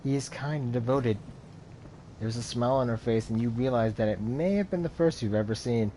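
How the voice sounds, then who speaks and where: A man's voice: medium pitch, a little fast, dark tone, slight background noise. A man playing a video game, reading its dialogue and narration aloud in a dramatic way, with his own comments in between. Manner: dramatic reading, voicing different characters. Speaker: video game let's player.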